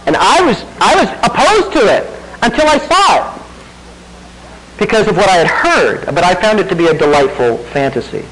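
A man pastor gives a sermon in a relaxed, talky way, tossing rhetorical questions to his listeners. His voice sits fairly high and swings up and down a lot. A faint hum runs underneath. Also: moderate pace, low-quality recording. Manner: conversational preaching with rhetorical questions and self-deprecating laughs.

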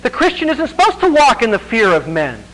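A man's voice: wildly swooping pitch, a little fast, poor audio. A man preaching a sermon as pastor, emphatic, with conversational asides and chuckles, then leading a prayer. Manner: emphatic preaching with wide swings in pitch and loudness. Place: church congregation.

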